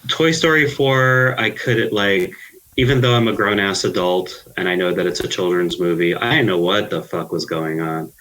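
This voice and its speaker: A man in his thirties, co-hosting a casual podcast chat and teasing in a mock-serious, deadpan way. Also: low voice, moderate pace, low-quality recording. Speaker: podcast co-host.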